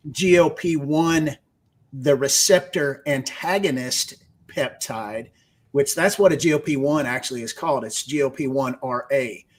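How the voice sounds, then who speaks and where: On a radio show, a research executive with a Texas accent answers an interview question by explaining technical science step by step. His voice is medium-pitched and unhurried.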